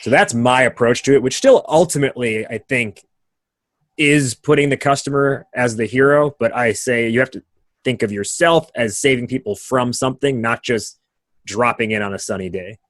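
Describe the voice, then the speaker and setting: A man's voice: mid-range voice, normal speed, fairly bright tone, no echo. A man hosting a podcast in casual conversation, explaining ideas animatedly with vivid analogies and frequent tag questions. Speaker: podcast host.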